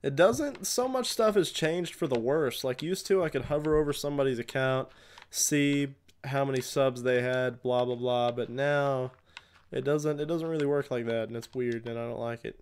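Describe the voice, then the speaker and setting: Smooth-voiced young man chatting on stream. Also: medium pitch, normal speed. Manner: chatty, rambling, answers chat while playing. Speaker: live streamer. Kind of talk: casual gaming livestream chat.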